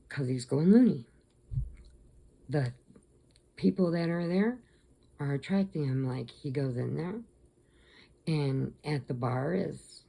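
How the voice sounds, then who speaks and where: A woman with a deep, gravelly voice chats to camera from her crafting room at home. Her dark, mellow tone carries a rambling retelling that is full of restarts. It sounds like a cozy home vlog. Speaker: crochet vlogger. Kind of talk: casual storytelling to camera.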